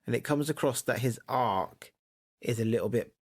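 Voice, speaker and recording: A chatty man co-hosting a podcast, laughing easily as he trades opinions in relaxed banter. His voice sits at an ordinary middle pitch. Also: moderate pace, husky. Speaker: podcast co-host. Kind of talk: casual chat.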